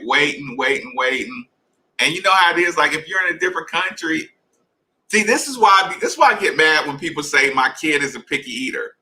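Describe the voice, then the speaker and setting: A man telling a long story in a casual, animated way, speaking straight to his listeners. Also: fairly high pitch, poor audio. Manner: animated, conversational, addresses listeners directly. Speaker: podcast host.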